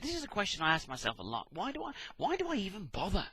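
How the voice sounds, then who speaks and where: British man, ranting monologue, sarcastic and swearing, lively swooping pitch, bright tone, dry sound. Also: quick pace, husky, dry recording, rough recording. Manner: sarcastic, exasperated, swears often. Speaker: vlogger.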